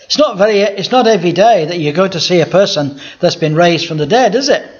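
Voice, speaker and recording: A man's voice: sits high, lively intonation, a little fast. A man, a pastor giving a sermon in a conversational style, often asking the audience rhetorical questions. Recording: dull lo-fi sound.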